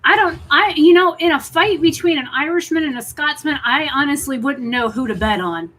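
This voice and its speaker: A woman's voice: sits high, animated, moderate pace, fairly bright tone, low-quality recording. A woman chatting casually on a live stream from home, rambling with restarts and talking to viewers. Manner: chatty, rambling, talks to her cat in baby talk.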